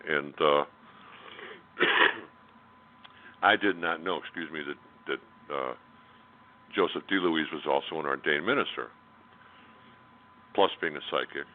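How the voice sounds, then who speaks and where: A man's voice: very deep voice, measured pace, pauses often. A man telling a personal story as a radio interview guest, in a candid, blunt way with many fillers and restarts. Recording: tinny phone line.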